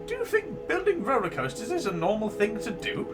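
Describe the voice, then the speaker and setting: A shrill, squeaky alien gentleman, fussy and overly formal, piping every word in pairs. His falsetto swoops and leaps all over, and game music plays in the background. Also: huge pitch swings, fairly quick, distant mic. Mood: prissy, inquisitive. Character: shrill, overly polite male alien passenger.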